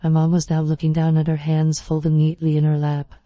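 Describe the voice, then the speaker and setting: A narrator giving a measured, even first-person reading of a scary story. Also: mid-range voice, dry recording, highs cut off.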